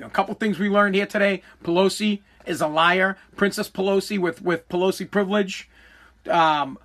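A man with a Boston accent hosting a solo podcast, ranting loudly and combatively with plenty of swearing. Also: sits high. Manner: loud, combative ranting with profanity. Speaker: podcast host.

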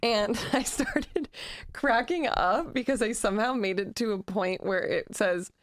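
A woman's voice: a little high, measured pace. A woman co-hosting a casual podcast, telling a story with frequent giggles. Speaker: podcast co-host. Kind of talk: casual chat.

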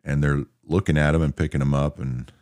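A man casually telling an army anecdote in a relaxed, matter-of-fact way, acting out the soldiers he quotes. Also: a bass voice, a little fast, no room sound. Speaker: storyteller recounting army anecdotes. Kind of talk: casual spoken storytelling.

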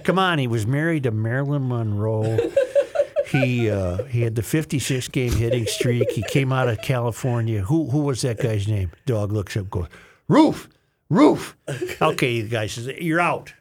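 A man hosting a casual talk show, asking quick questions and telling jokes in a dry way. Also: medium pitch, heavy background noise. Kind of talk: casual chat.

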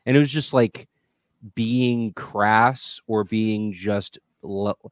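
A man's voice: fairly low pitch, fairly even intonation, slow pace, dry recording. A man hosting a podcast in crude, profane, rambling casual chat. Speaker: podcast host.

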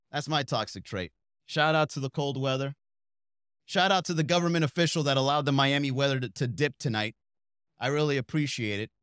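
Man, comedy podcast host, higher-pitched voice, chatty solo riffing, exaggerated impressions, dry close sound. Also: no room sound. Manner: animated, acts out quoted people in exaggerated voices; conversational, rhetorical questions to listeners.

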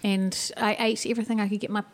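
Woman, New Zealand accent, casual podcast chat, lively storyteller, laughs often. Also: medium pitch, fast talker.

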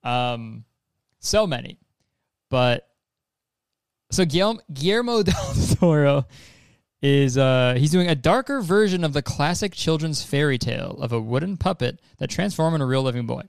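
A man's voice: on the high side, expressive, moderate pace, creaky, smooth, no echo, studio quality. A young man hosting a casual trailer reaction, rambling and joking with swearing. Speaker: host.

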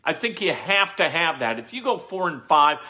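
A middle-aged man talks sports in a casual, opinionated monologue. He fires off rhetorical questions and restarts his sentences often. His voice sits a little high, with a bright, forceful edge. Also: very animated, normal speed. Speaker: sports radio host.

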